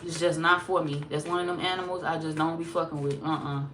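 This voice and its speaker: A woman's voice: deep voice, fairly even intonation, quick pace, noisy background. Blunt, profane woman tarot reader. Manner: blunt, profane, sassy and emphatic. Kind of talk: casual tarot reading monologue.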